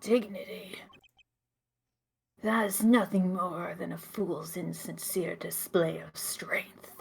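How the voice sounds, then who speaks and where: A woman putting on a sly old crime boss who speaks in a breathy near-whisper. The voice is menacing and defiant. It is drawn out and unhurried. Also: fairly low pitch, heavily acted. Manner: breathy, hushed, menacing delivery. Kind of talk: reading game dialogue aloud with friends.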